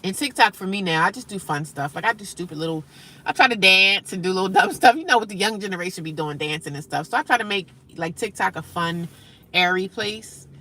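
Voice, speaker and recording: A woman's voice: medium pitch, expressive, brisk, pushed and bright. A middle-aged woman chatting casually on a live stream, reading out viewer comments and answering them.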